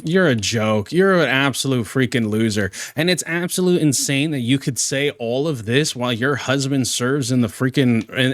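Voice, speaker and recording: A man's voice: medium pitch, no room sound, studio quality. A young man and former Marine hosting a heated reaction commentary, sarcastic and exasperated, swearing freely.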